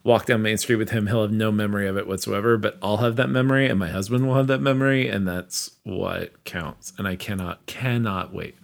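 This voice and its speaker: A man's voice: lowish voice, steady tone, fairly quick, creaky, few pauses. A man co-hosting a casual podcast chat, emphatic and enthusiastic, getting choked up as he talks. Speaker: podcast co-host.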